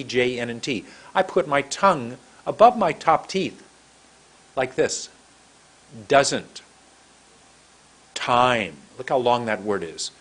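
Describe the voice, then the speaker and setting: A middle-aged man with a San Francisco American accent, telling a story as an English pronunciation teacher and demonstrating how he stretches his words. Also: medium pitch. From United States. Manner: demonstrates mouth positions, stretching words long. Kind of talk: storytelling lesson to camera.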